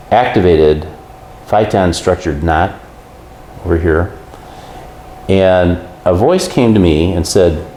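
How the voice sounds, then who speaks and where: Man guest, very low voice, animated storyteller; roomy echo. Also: a little hiss or hum. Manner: animated storyteller who acts out quotes. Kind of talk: casual storytelling.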